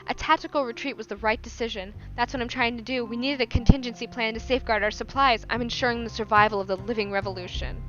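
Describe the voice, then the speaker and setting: A woman reading aloud in the voice of a pompous, delusional party secretary, smoothly flattering his returning commander, on a lo-fi home mic. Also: on the high side, fast talker, few pauses, soft background music, close to an everyday voice. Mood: placating. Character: pompous middle-aged male party secretary.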